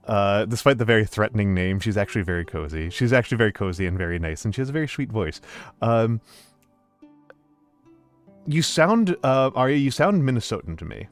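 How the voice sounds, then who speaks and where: A man streaming a game and chatting with his viewers, with many ums and uhs and frequent restarts. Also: fairly low pitch. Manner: hesitant, filler-heavy, warm greetings to chat. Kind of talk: casual stream chat.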